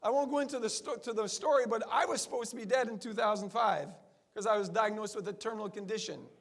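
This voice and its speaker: This high, fast voice belongs to a chiropractor in his sixties giving a seminar talk to fellow chiropractors. He is emphatic and keeps throwing rhetorical questions at the audience.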